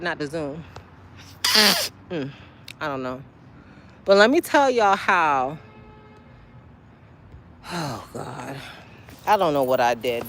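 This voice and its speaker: Casual woman streamer with a low-set voice, talking to her chat by a road with light street noise. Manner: chatty, talks straight to her chat with sudden high exclamations. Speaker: livestream host. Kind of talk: casual livestream chat to viewers. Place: outdoors by a street, waiting for a ride.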